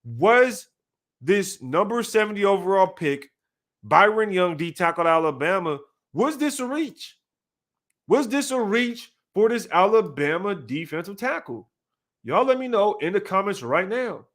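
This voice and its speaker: A man's voice: high-pitched, normal speed. A man hosting a live sports stream, talking casually in slang and calling out viewers by name. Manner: animated, repetitive, slangy, talks to chat by name. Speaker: sports channel host.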